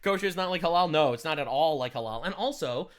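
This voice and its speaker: A man's voice: on the high side, expressive, quick pace, clear, resonant tone. A man doing sarcastic, emphatic reaction commentary as a streamer. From United States. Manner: loud, sarcastic, emphatic interjections. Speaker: streamer reacting to a political video.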